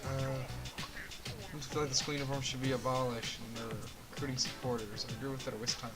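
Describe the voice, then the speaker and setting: Relaxed male gamer, mid-pitch, chuckly delivery, clear game music underneath. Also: quick pace. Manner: laid-back, often laughing, talks while playing. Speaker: co-host playing the game on stream. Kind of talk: casual gaming chat.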